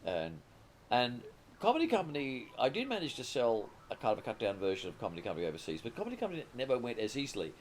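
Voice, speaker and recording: Australian man in his 60s, interview guest, meandering anecdotal storyteller, mid-pitched voice. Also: wildly swooping pitch, quick pace, slight background noise. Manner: rambling anecdotal storytelling with frequent restarts. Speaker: interview guest, comedy writer and producer. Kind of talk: conversational interview.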